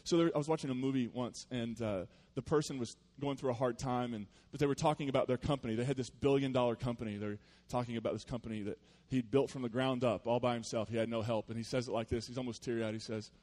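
A man preaching a sermon in a conversational, storytelling way with playful asides, moving between loud animated bursts and quiet earnest passages. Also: mid-range voice, quick pace, few pauses, dry recording. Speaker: pastor.

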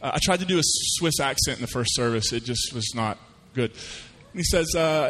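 A man delivers a sermon in a relaxed, folksy storytelling style. His voice sits at an ordinary pitch, and he slips into the voices of the people he describes. A long church reverb trails each phrase. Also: normal speed, hardly any pauses. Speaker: pastor.

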